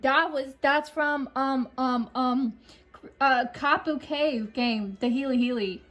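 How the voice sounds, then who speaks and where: A woman's voice: high voice, slow pace, fairly bright tone, rough recording. A young woman giving chatty, reactive let's play commentary over a mystery game. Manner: chatty and reactive, with many fillers.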